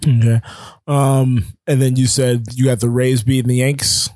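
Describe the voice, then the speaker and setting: Guy hosting a sports podcast, mid pitch, dry close sound, talks fast with lots of ums. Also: flat delivery, darkish tone, dry recording. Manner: chatty, quick asides, frequent ums. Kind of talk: casual sports chat.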